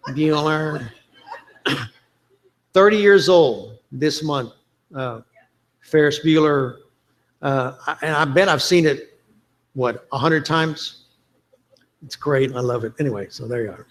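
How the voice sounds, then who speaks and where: A man's voice: on the high side, measured pace, pauses often, a bit bright. Joking man giving a talk. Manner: chatty, self-deprecating, quotes movie lines for laughs. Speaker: conference speaker. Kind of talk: joking conference presentation.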